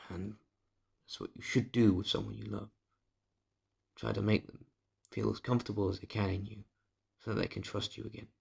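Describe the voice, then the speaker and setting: A man talking straight to camera in a confessional vlog, his low voice heavy with gravel and a husky edge. He is candid and bitter, swears without holding back, and keeps sinking to a hushed murmur. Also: flat delivery, moderate pace, long pauses. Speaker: vlogger. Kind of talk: confessional personal vlog monologue.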